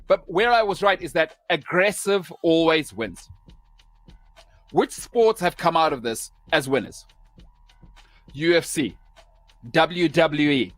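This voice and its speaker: A man's voice: fairly high pitch, fairly bright tone, no echo. Emphatic male sports host, dry studio. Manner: emphatic, punchy short phrases. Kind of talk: opinionated sports rant.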